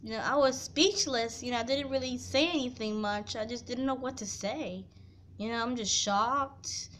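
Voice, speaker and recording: High-voiced young woman, tearful confession. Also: moderate pace, fairly bright tone, slight background noise. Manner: tearful, heartfelt, many "you know" fillers. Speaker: vlogger. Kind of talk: emotional storytime confession.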